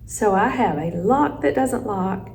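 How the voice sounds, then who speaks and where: A woman teacher reading a children's chapter book aloud with expressive storytelling. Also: mid-range voice, measured pace, slight background noise, low-quality recording.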